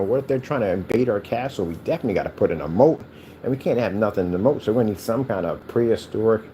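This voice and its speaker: A man's voice: lowish voice, noisy background. A man chatting casually while he crafts, rambling and joking playfully. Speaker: cardboard PC case builder.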